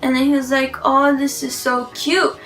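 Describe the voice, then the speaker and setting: A woman vlogs in a gushing, rambling way, piling up "like" and restarts as she tells her story. Her voice is bright and a touch high, and faint music plays behind her. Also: moderate pace, low-quality recording. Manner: excited, rambling, gushing, heavy use of "like". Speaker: vlogger. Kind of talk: casual storytelling to camera.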